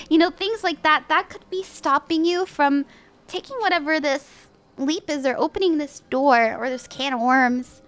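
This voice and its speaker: High-voiced chatty woman reading tarot. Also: moderate pace. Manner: chatty, upbeat, full of "like" and "you know", laughs often. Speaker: tarot reader and stream host. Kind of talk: casual livestream tarot reading.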